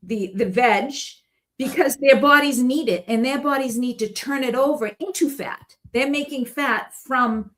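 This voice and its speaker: Chatty woman with a high voice. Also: a little slow. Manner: rambling, animated storytelling with frequent laughs. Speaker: guest. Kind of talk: casual chat.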